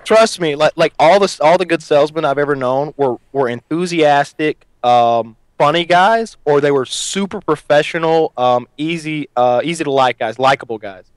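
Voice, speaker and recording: A man's voice: a little high, moderate pace, few pauses, smooth, no echo. A man hosting a podcast, chatting casually and telling stories with lots of laughter. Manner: animated, laughs often, storytelling. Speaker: podcast host.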